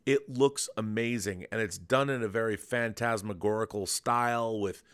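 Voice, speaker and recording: A man's voice: on the low side, moderate pace, a bit bright, clear, resonant tone. A middle-aged man hosting a podcast, chatting casually and enthusiastically about films, rambling with restarts. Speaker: podcast host. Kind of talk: casual film chat.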